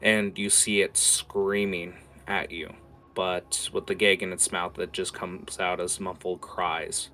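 A man narrating a tabletop game as its game master, animated and full of filler words. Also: low-pitched, takes it slowly, soft background music.

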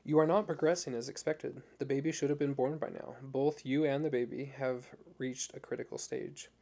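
A cool, authoritative woman surgeon speaks in clipped, matter-of-fact sentences in this storybook reading, as a man voices her. The voice is gravelly and mellow. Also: mid-range voice, steady tone, moderate pace. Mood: clinical, firm.

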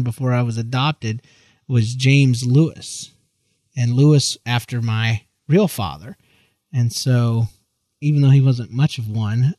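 A man's voice: medium pitch, mellow, dry recording. A man from Georgia co-hosting a podcast, chatting casually with a joking, playful manner and the odd silly voice. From Georgia, USA. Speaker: podcast co-host. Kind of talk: casual chat.

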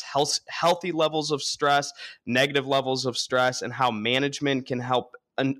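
A young man hosts a podcast with easy, excited energy. His voice sits at a mid pitch, and he speaks casually, leaning on fillers and hype words. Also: dry recording, studio quality. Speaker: podcast host. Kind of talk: upbeat podcast chat and ad read.

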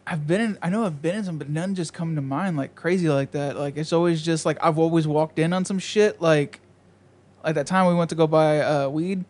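A young man, a podcast co-host, telling stories in a relaxed, profane way and acting out the voices of people in them. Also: on the high side, brisk. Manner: laid-back, profane, acts out voices in stories. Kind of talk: casual storytelling chat.

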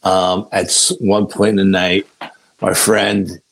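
Gravelly, husky man telling a story. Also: low-pitched, level tone, a bit bright, rough recording. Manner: laid-back, unhurried storyteller. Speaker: podcast guest. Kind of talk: casual storytelling.

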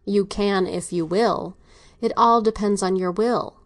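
A woman reading an audiobook, voicing a middle-aged doctor father who is domineering and speaks in a measured, dry, ironic way. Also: medium pitch, steady tone, lightly acted.

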